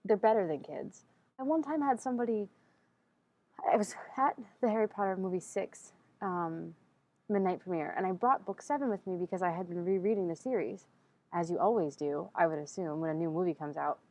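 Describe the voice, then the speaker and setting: A woman's voice: a little fast, a little mellow, poor audio. Chatty young woman, exasperated ramble. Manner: chatty, exasperated, acts out quotes in a higher voice. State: sleepy at first, speaking quietly in public. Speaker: vlogger. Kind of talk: casual rambling vlog. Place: empty library vestibule, indoors.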